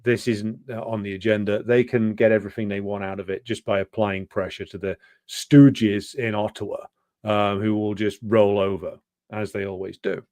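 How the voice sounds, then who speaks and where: A man with a fairly low voice delivers an off-the-cuff political commentary monologue. He is sardonic and scornful and drops in profanity. His speech is full of fillers and restarts, and it is recorded dry with no room echo. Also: little pitch movement, moderate pace, darkish tone. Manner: loose, unscripted delivery with many fillers.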